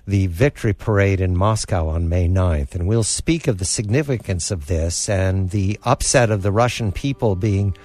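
A man hosting a radio interview, speaking in a measured way and quoting sources. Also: deep voice, a little mellow, dry recording. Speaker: radio host.

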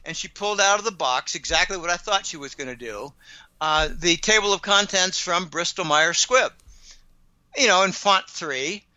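A man's voice: high-pitched, normal speed, sharp tone, clean tone, no echo, lo-fi sound. A man telling stories in an indignant, rambling monologue, often stumbling and repeating words. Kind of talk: casual ranting monologue.

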